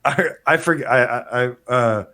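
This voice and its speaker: A man's voice: medium pitch, a little slow, pushed and bright. Rambling, laughing male co-host. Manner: rambling, laughs often, hesitant. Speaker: podcast co-host. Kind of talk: casual live show chat.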